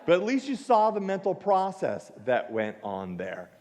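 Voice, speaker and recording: A male pastor preaching a sermon, telling a story with lively acted-out dialogue. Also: high voice, moderate pace. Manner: animated storytelling, acts out dialogue. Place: church sanctuary. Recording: reverberant church sanctuary.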